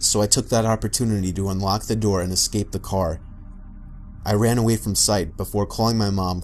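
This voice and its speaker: A man narrating a scripted horror story in an even, matter-of-fact way. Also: fairly low pitch. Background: faint background music.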